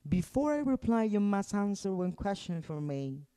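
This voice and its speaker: A man's voice: high voice, big pitch swings, normal speed, dark tone, smooth, voice pushed up. A man voicing a fussy, choosy little female mouse who speaks politely but firmly. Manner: polite and particular.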